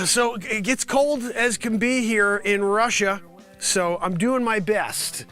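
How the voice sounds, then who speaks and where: A man hosts his daily stream with a comic mock news report. His voice is high and bright, with faint music underneath. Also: slow pace. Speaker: host of a daily livestream. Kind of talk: comedic livestream monologue.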